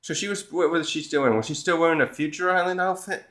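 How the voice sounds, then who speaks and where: A man's voice: on the high side, fast talker, fairly bright tone. A man talking through a comic chapter on his own in a rambling, casual way, often cutting himself off and acting out the characters' lines. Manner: rambling, self-interrupting, acts out characters' lines. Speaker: manga review host. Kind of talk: casual solo chapter review.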